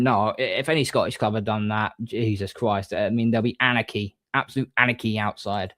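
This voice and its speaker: A man hosting a casual livestream, reading viewer comments and giving shout-outs in a rambling, chatty way. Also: on the low side, steady tone, normal speed, no room sound. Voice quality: rambling, frequent restarts, mate-and-bro shout-outs. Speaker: livestream host.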